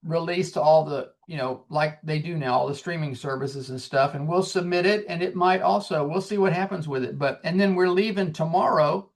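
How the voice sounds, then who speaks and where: A man in his sixties, a singer-songwriter guest, telling his story in an earnest, animated way and acting out the dialogue. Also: a little high, normal speed, hardly any pauses. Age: 60s. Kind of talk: casual storytelling.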